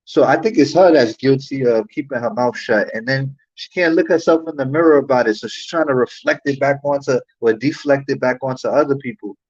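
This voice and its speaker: A livestream host rants heatedly and profanely, firing off repeated rhetorical questions in his commentary. His mid-range voice is brisk with few pauses, and the stream audio is dull and lo-fi.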